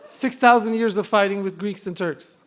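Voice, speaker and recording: A Turkish man in his forties with a Turkish accent tells a funny personal story live on stage before an audience, mocking himself as he builds to punchlines. His voice is high, at normal speed.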